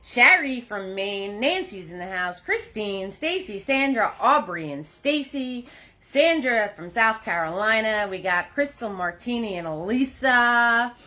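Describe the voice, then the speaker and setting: A woman with a slightly high, sharp-toned voice speaks expressively and without hurry. She's a paint party host running a live-streamed painting class, chatting cheerfully into a phone on a holder and greeting viewers by name.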